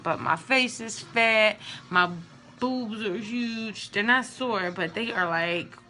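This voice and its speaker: A young woman vlogging casually and candidly about her day, sounding drained and low on energy. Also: bright, forceful tone. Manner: chatty, candid and emotional. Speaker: vlogger sharing IVF updates. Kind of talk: casual vlog.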